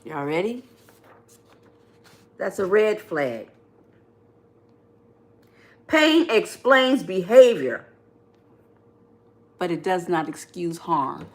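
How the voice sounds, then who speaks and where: Woman, middle-aged, life-coach host, lively pitch, chatty and preachy as she reads the comments. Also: drawn-out words, pauses often. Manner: animated, preacherly, reads viewer comments, laughs often. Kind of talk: live-stream relationship advice chat.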